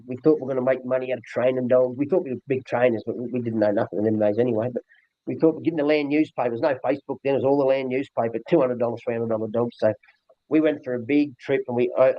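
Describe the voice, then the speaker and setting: Fast-talking blunt older Australian man. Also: medium pitch, dry recording. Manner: blunt, rambling, earthy with frequent restarts. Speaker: dog trainer. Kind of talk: casual interview talk. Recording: dull lo-fi dry recording.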